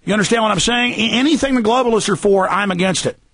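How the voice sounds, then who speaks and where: A man hosting a talk radio show, ranting emphatically and sometimes rising to a shout. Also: high-pitched, quick pace. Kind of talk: heated talk radio rant.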